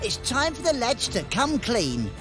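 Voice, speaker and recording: A man's voice: extremely high pitch, huge pitch swings, a little slow, music in the background. A man with an English accent narrating a comedy clip show in a playful, scripted style. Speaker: host narrator.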